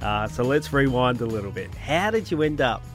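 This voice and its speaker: Male podcast host, upbeat presenter, clear music bed behind. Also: medium pitch, animated, normal speed. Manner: friendly, upbeat presenter with scripted intro. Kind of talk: podcast interview.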